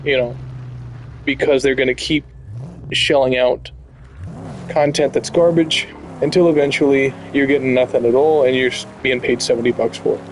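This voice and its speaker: A man's voice: medium pitch, fairly even intonation, normal speed, a little hiss or hum, poor audio. A man hosting a gaming channel, delivering blunt, profane, heated commentary over gameplay.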